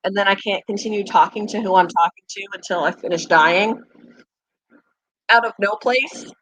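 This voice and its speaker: A woman's voice: mid-range voice, normal speed, fairly bright tone, dry recording, low-quality recording. A middle-aged woman hosting her own channel, chatting casually with viewers, self-mocking and laughing often. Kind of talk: casual chat.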